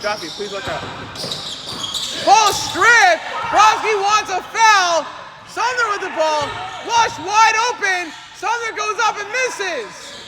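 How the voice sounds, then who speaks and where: A man doing live play-by-play for a league basketball game, excited and chatty, in an indoor gym. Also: very high-pitched, takes it slowly, very noisy. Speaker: play-by-play commentator.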